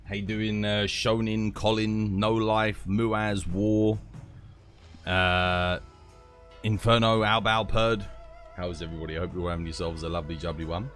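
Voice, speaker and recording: A man's voice: on the low side, fairly even intonation, normal speed, fairly bright tone, faint music behind. A British man hosting his own live stream, chatting casually, laughing and swearing freely from his home streaming setup.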